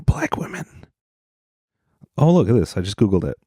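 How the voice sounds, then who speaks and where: Male podcast host from Utah, low voice, mellow tone, rambling self-deprecating comedy monologue, dry close sound. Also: sing-song, normal speed, long pauses, husky, dry recording.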